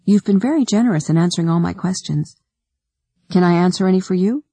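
Narrator's own voice for an inquisitive, emotional woman scientist in an audiobook; husky, dry close sound. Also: on the low side, quick pace, mellow, no room sound. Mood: earnest.

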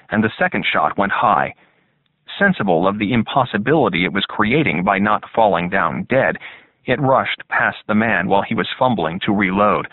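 Brief: male audiobook narrator, low and measured, thin phone-like sound. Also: dry recording. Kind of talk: scripted narration. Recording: tinny phone-like dry sound.

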